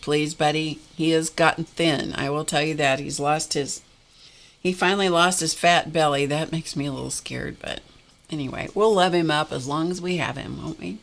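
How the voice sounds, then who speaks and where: A woman's voice: low-pitched, fairly bright tone. A middle-aged woman hosting a craft livestream, chatting in a rambling way and greeting viewers by name. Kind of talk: casual livestream chat.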